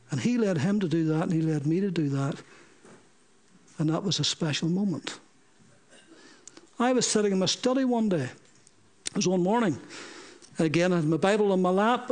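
A middle-aged man, preaching a sermon through stories and acting out the dialogue he quotes. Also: sits high. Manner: animated, acts out quoted dialogue. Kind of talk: sermon storytelling.

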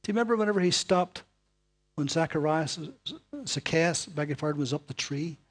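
A man with a fairly high voice preaches a sermon at a brisk pace. His delivery is dramatic, swinging from loud calls to hushed whispers as he puts rhetorical questions to his listeners.

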